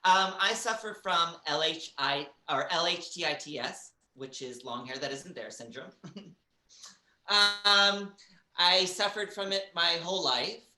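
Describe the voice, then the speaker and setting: A stand-up comedian doing a halting, filler-heavy set with giggles between jokes on a small theater stage. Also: mid-range voice, bright, forceful tone, roomy sound.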